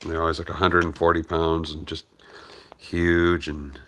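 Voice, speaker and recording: A man's voice: low-pitched, flat delivery, moderate pace, a bit bright, a little hiss or hum. A man hosting a casual live stream from his farm, talking tenderly to his old dogs and reading viewer comments aloud. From United States. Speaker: farm hospice channel host.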